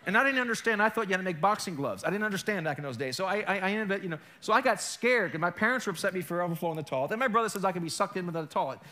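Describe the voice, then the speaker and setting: Bright, high-voiced animated preacher man. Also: very fast, few pauses. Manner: animated storytelling, mimics accents, jokes with congregation. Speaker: pastor. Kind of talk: sermon.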